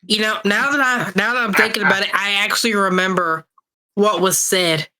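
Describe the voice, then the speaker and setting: A man's voice: high-pitched, fairly even intonation, a little fast, bright, forceful tone. A man co-hosting a podcast while sick, rambling casually with restarts and swearing. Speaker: podcast co-host. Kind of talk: casual chat.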